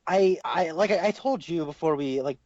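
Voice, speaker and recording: A young man co-hosting a casual podcast chat, rambling and excitable, laughing often. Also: fairly high pitch, moderate pace, lo-fi sound. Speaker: podcast co-host.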